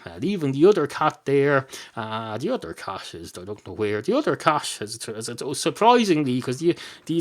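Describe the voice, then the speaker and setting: An Irish man hosting a podcast, spinning a meandering comic tale full of fillers and swearing. His pitch moves a great deal, from low muttering asides to sudden high bursts. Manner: digressive, deadpan, sweary, many fillers. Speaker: podcast host. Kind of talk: rambling comic storytelling.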